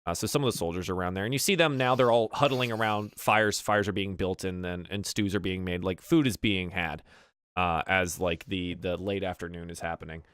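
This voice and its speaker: A man narrating a tabletop game as game master. His voice is on the low side and sounds dry and close. He rambles loosely through his descriptions. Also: steady tone, a little fast, fairly bright tone, clean tone, no room sound. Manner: loose and rambling, with many fillers.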